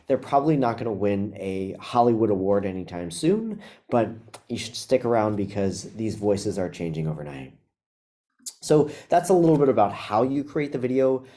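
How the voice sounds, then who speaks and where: Low mellow man demoing software. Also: normal speed. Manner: relaxed, with frequent ums and uhs. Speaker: webinar presenter. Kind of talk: casual software demo.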